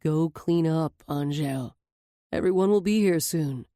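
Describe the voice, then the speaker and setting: A woman voicing a calm, affectionate husband in an audiobook, gently teasing. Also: low voice, unhurried, dry recording, studio quality. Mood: fond. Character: affectionate husband, adult man. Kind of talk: audiobook character voice.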